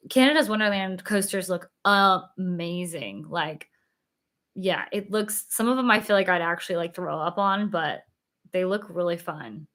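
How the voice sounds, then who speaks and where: Chatty and a touch weary, a young livestream host giggles as she goes through viewer comments, filling her speech with "like" and other fillers. Her voice sits on the low side, with a slightly bright tone.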